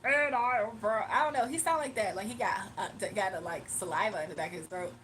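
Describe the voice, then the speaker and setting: With a medium-pitched, slightly bright voice and a quick pace, a young livestream host chats with viewers in slang, laughing often and reading chat aloud. A little hiss or hum can be heard.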